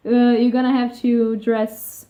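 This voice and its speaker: A woman doing a smug, sarcastic dark lord. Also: on the high side, level tone, unhurried, close to an everyday voice. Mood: mocking. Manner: sarcastic, crude. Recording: tinny phone-like sound.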